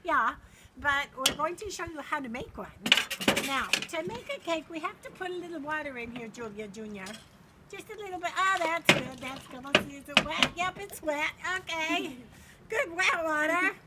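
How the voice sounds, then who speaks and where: A woman's voice: very high-pitched, animated, normal speed. An older woman doing an impression of a famous TV chef in a playful mock cooking demo, fluttery and exclaiming as she bosses her helper in a home kitchen. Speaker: grandmother hosting a mock cooking show. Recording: home video with loud background noise.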